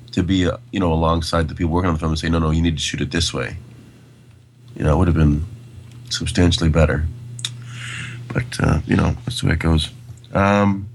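A man co-hosts a podcast and talks loosely about a film, piling on fillers and restarts. His voice sits very low. A faint hum runs under the recording. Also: gravelly. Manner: rambling, many fillers and restarts. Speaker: podcast co-host. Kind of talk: casual film discussion.

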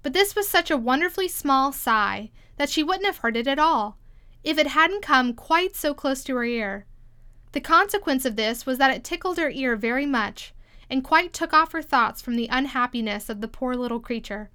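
Woman reading a kids' storybook aloud, gentle and measured, bright crisp voice. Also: high-pitched, expressive. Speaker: audiobook reader.

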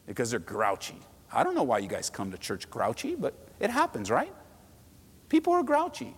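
Lively male pastor in a reverberant hall. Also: mid-range voice, moderate pace, breathy edge. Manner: animated, acts out quoted voices, asks the crowd. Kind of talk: sermon. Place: church sanctuary.

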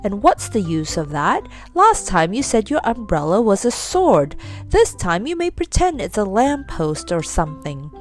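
A woman's voice: mid-range voice, very animated, moderate pace, faint music behind, close to an everyday voice. A woman doing a stern scolding aunt. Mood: angry scolding. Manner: firm, scolding.

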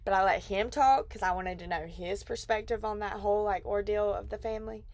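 A woman's voice: mid-range voice, fairly even intonation, a little fast, darkish tone, dry recording. A woman in her twenties hosting a podcast, chatting casually and rambling with lots of "like" fillers. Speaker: podcast host. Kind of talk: casual chat.

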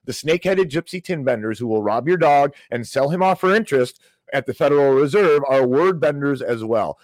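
A man's voice: mid-range voice, lively intonation, brisk, darkish tone, no echo. Dry, sarcastic ranting podcast man. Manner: sarcastic, mocking, theatrical outrage. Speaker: podcast host. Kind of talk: ranting financial commentary.

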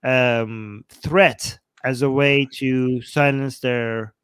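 A man's voice: medium pitch, fairly even intonation, very slow, fairly bright tone, clean tone, dry recording. A man hosting a casual talk show, reading viewer comments and questioning claims with hedging asides. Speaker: host.

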